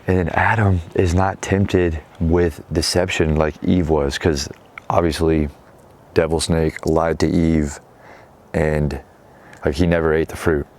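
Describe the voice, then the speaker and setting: A man's voice: rumbling low, flat delivery, unhurried, darkish tone. A man hosting his own show, casually retelling a story in slangy talk and quoting the characters as he goes. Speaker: show host.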